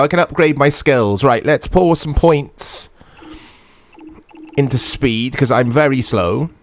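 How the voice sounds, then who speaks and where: A man's voice: mid-range voice, lively intonation, slow, long pauses, no echo. A man hosting a retro gaming channel, giving chatty, self-deprecating commentary to viewers as he plays. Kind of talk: casual gameplay commentary.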